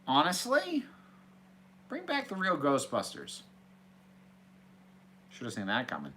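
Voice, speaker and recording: Bright-voiced man answering viewer questions. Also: fairly high pitch, huge pitch swings, slow pace, a little hiss or hum. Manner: chatty and hesitant, restarts phrases. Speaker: host. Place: small office room.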